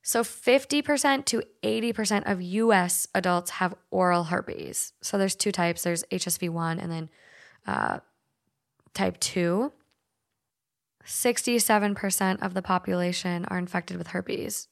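A woman's voice: fairly low pitch, lively intonation, measured pace, vocal fry. A woman from Minnesota hosting a podcast, chatting loosely and reading stories aloud, with lots of "like" and frequent swearing. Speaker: podcast host.

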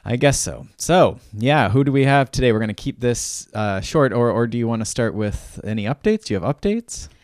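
A man's voice: medium pitch, expressive, a little fast, hardly any pauses, no echo, clean studio sound. A man co-hosting a podcast as a cycling coach, talking casually and thinking aloud with frequent restarts.

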